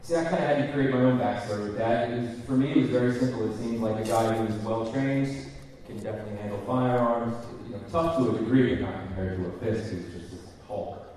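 A man on a convention panel, talking in a relaxed, easygoing way and explaining at length. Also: mid-range voice, fast, slight background noise. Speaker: panel guest actor. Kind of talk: casual convention panel talk. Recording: echoey hall, mic from far off.

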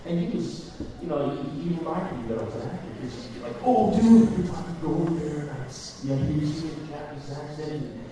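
Male panel guest, chatty storyteller, booming hall reverb. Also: fast talker, few pauses. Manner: chatty, animated storytelling with filler words. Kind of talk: casual convention panel talk. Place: large echoey hall. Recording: echoey hall, mic from far off.

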